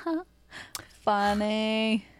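A woman's voice: on the high side, very slow, smooth. A woman co-hosting a podcast, chatting casually and rambling about ghost stories, with swearing and laughing asides. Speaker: podcast co-host. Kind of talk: casual paranormal chat.

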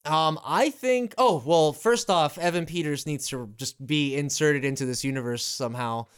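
A man's voice: fairly high pitch, moderate pace, smooth. A man co-hosting a casual podcast, chatting loosely and acting out quotes in put-on voices, with some swearing. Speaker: podcast co-host.

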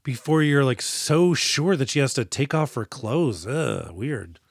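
A man's voice: mid-range voice, animated, a little slow, vocal fry, husky, dry recording, clean studio sound. A man co-hosting a casual movie podcast, joking, laughing often and acting out lines from the film. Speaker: podcast co-host. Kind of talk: casual movie review banter.

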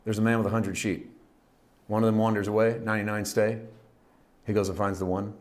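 A middle-aged man preaching a sermon, telling a parable with lively storytelling and acting out its characters. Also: on the low side, brisk. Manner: animated storytelling, acting out characters, rising to shouts. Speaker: pastor.

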